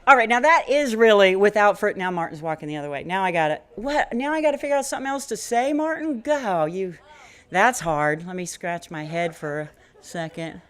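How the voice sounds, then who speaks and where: A woman's voice: medium pitch, lively intonation, a little fast. A woman hosting a small music cafe, introducing a performer with chatty, rambling stage talk and frequent laughter, speaking into a stage microphone. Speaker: venue host introducing a performer.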